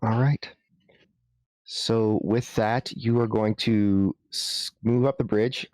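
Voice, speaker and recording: A man running a tabletop game as game master, explaining rules in a halting way with frequent restarts. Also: fairly low pitch, steady tone, a little mellow, no room sound, studio quality.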